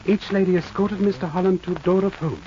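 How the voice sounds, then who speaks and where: An actor playing a calm, shrewd detective who speaks in clipped, formal broken English in a 1940s radio drama. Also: male voice, high-pitched, brisk, lightly acted. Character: shrewd aphorism-quoting Chinese detective, calm. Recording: muffled old radio recording, faint hiss.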